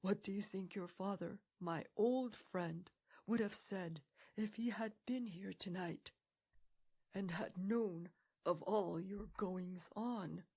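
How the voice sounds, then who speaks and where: A woman voicing a stern, wise old male badger who speaks severely and quietly. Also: lowish voice, breathy edge, heavily acted. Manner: severe, measured, hushed.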